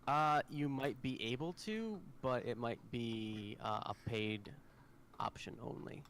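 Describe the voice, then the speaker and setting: A man's voice: mid-range voice, takes it slowly, fairly bright tone, slight background noise. Easygoing American man running the game. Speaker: game master. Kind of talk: casual voice chat.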